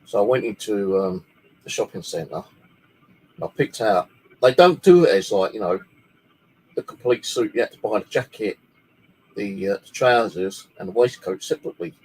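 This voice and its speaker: Rambling, swearing Englishman with a lowish voice. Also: lively intonation, moderate pace, long pauses, a little mellow, slightly rough, rough recording. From United Kingdom. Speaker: paranormal channel host. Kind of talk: casual storytelling. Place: his bedroom at home.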